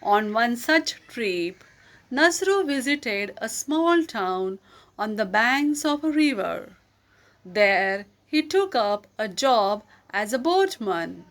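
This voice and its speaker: Woman, children's story read aloud, gentle and deliberate, unhurried delivery. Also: fairly high pitch, expressive.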